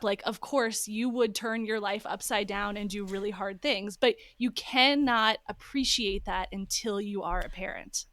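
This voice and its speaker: A woman hosting a podcast, affirming her guest and sharing reflections in a relaxed interview. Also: mid-range voice, no room sound. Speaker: podcast host. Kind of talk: casual interview conversation.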